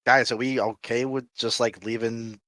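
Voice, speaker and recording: A man's voice: medium pitch, little pitch movement, moderate pace, pushed and bright. A man playing a tabletop game, hesitant and a bit pleading. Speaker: player. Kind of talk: casual tabletop play.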